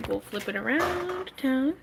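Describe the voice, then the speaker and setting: A woman's voice: sits high, expressive, measured pace, vocal fry, very noisy. A woman hosting a casual craft livestream, chatting with viewers and her pets while she works, laughing often.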